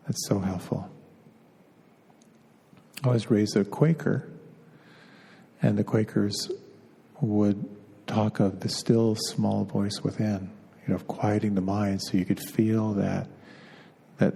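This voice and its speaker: A middle-aged man, a meditation teacher, giving an unhurried spiritual talk, pausing and repeating words as he goes. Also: on the low side, creaky, mellow, slightly rough. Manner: unhurried, halting, often repeats words as he searches. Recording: long reverb of a hall.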